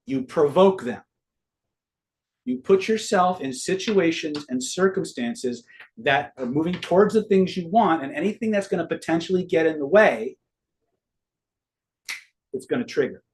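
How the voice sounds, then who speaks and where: A man's voice: a little high, animated, a little slow, pauses often, a little hiss or hum. Casual swearing man teaching a class. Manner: casual, swears freely, quizzes the audience. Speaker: online seminar teacher. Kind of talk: live online master class.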